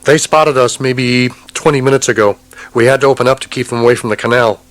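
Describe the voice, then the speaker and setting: A male narrator voicing a young Soviet lieutenant giving a brisk, earnest report from the front. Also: mid-range voice, no echo, voice pushed up, lightly acted. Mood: urgent.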